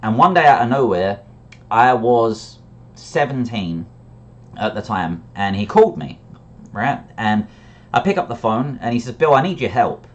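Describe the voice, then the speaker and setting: A man's voice: medium pitch, big pitch swings, a little slow, pauses often, muffled recording. A man telling a personal story in a reflective, candid way, often restarting his sentences. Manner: reflective and candid, with frequent restarts and brief laughs.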